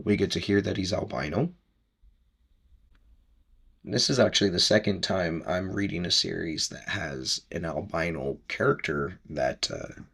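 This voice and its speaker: Deep, gravelly-voiced man chatting casually. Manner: rambling, chatty, laughs easily. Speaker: podcast host recapping a book. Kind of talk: casual book discussion.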